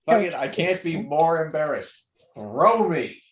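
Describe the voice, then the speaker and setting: A man's voice: fairly high pitch, big pitch swings, measured pace. A man playing a tabletop game, joking brashly with the table. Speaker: player.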